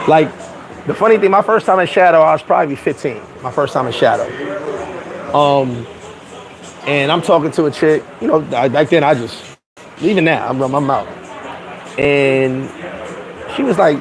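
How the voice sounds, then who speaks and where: A man's voice: on the high side, moderate pace, long pauses, poor audio. A man, hosting and telling profane, laughing stories in casual chat. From New York. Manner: animated, profane, laughing storyteller. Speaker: host. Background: crowd chatter.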